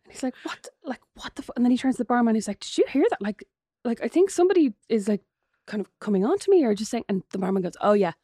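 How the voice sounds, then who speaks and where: An Irish woman co-hosting a casual podcast chat, an animated storyteller who acts out the voices in her anecdotes. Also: a little high, quick pace, breathy edge, dry recording, clean studio sound. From Ireland. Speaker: podcast co-host.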